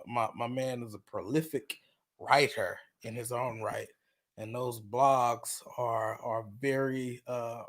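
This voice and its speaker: A man hosts a casual talk show from a video call. His voice sits in an ordinary middle pitch. He talks haltingly, repeating words and leaning on fillers. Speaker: host.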